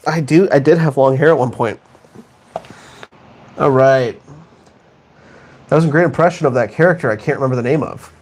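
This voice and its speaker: A man's voice: medium pitch, normal speed, pauses often, a little mellow. A young man chatting casually on a stream, joking and self-mocking as he rambles on. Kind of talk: casual live-stream chat.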